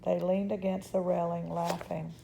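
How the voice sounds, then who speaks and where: A woman reading a children's chapter book aloud in a calm, measured way. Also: fairly low pitch, creaky, background noise. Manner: calm, measured, occasional restarts.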